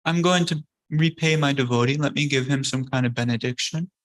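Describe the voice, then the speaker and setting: A man's voice: mid-range voice, fairly quick, natural voice. A man voicing a playful divine lord who teases and insists in a generous way. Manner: teasing, insistent.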